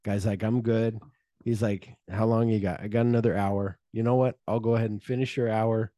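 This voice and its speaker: Man, low voice, mellow tone, dry close sound, casual podcast chat, animated film recap, acts out lines. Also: dry recording. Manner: animated retelling, acts out lines in quick voices, swears freely. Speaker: podcast co-host.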